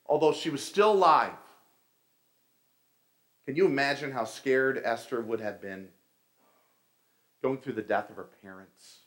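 A man's voice: medium pitch, a little slow, long pauses, fairly bright tone. A middle-aged man giving a conversational sermon, telling stories and calling his listeners folks. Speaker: pastor.

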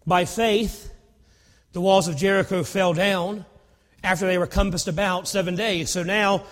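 A man preaching a sermon, telling Bible stories in an animated way, acting out dialogue and repeating himself. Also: high-pitched, unhurried, big-room sound. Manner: animated storytelling with acted dialogue and repetitions.

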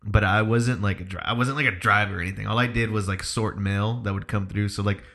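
A man chats casually with a friend and starts a story of his own. His voice sits fairly low but sounds bright. He talks loosely and swears freely. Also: steady tone. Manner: loose and profane, quick reactions.

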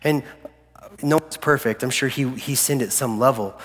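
A man preaching a sermon in a church hall, animated and jokey, acting out the people in his story. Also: mid-range voice, normal speed. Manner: animated, jokey, acts out voices of characters. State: recovering from flu. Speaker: pastor. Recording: long hall reverb.

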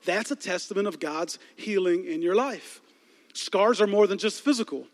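A pastor with a high-pitched voice preaches a sermon at normal speed in a large church hall. He tells comic stories and makes asides to the congregation. The recording carries the hall's long reverb.

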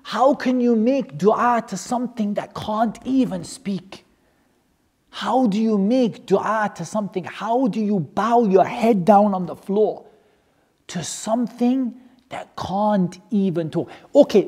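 A religious teacher tells a story to a class in an animated, joking way. The voice sits in a middle pitch and keeps firing rhetorical questions. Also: a little slow, slightly rough.

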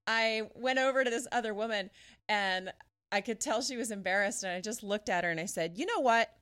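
Telling a story casually on a podcast, a woman pastor speaks a little fast, animated and laughing often, her pitch swinging widely. There's slight background noise.

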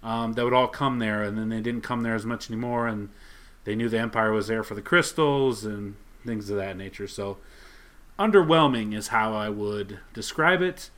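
A man's voice: fairly low pitch, moderate pace, a bit bright. Man casually rambling through a comic recap. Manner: rambling, retells scenes with quoted lines. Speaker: podcast co-host.

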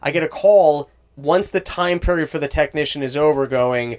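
High-voiced man ranting profanely. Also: normal speed, few pauses, darkish tone. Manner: profane, exasperated ranting, acts out both sides of calls. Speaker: storyteller on a talk show. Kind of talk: casual chat.

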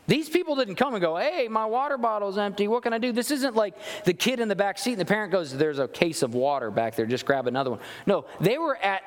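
A male pastor preaching a sermon, reading scripture and acting out quoted voices with big swings in pitch. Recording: long hall reverb.

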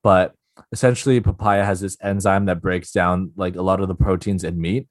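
A man's voice: low-pitched, steady tone, normal speed, no room sound, clean studio sound. A young man co-hosting a podcast, chatting casually and earnestly with plenty of filler words. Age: young adult. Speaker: podcast co-host. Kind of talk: casual chat.

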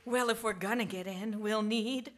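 A woman playing a nervous, sardonic sidekick in improv comedy with quick dry asides. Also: mid-range voice, fairly even intonation, background noise, natural voice.

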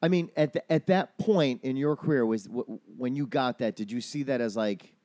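A man's voice: mid-range voice, moderate pace, dark tone, no echo, clean studio sound. Man asking loose, stammering questions. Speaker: podcast host. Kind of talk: casual interview.

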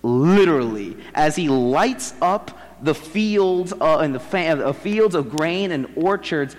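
A man's voice: a little high, animated, slow. A young man giving a casual, slangy sermon and acting out the quoted voices as he retells a story. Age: young adult. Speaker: seminary student preaching. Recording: long hall reverb.

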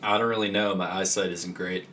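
Brief: lower-voiced man, deadpan and hesitant, comedy podcast cast member. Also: a little fast, a little hiss or hum. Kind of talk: improvised audio comedy.

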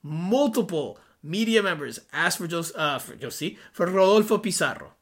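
A man co-hosting a sports podcast in casual chat, animated and sarcastic with sudden rises in his voice. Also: high voice, normal speed. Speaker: podcast co-host.

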